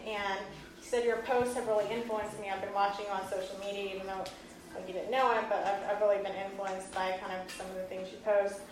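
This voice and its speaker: A woman's voice: medium pitch, background noise. A woman in her thirties, earnest and often laughing, telling a personal story to an audience. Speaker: speaker giving a talk. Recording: echoey hall from far off.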